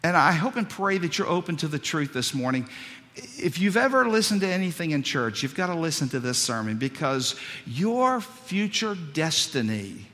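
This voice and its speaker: Guy preaching in church, kinda high voice, big echo hall, tells stories, repeats himself, loud then quiet. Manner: storytelling, repeats words, swings between loud and hushed. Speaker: pastor. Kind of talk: sermon. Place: church sanctuary. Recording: long reverb of a church hall.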